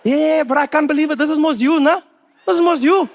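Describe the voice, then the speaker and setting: A man playing an excitable young South African fan in overalls who talks loudly and insistently, on a comedy club stage. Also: extremely high pitch, a little fast, voice pushed up. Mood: excited. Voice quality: loud, insistent, chatty.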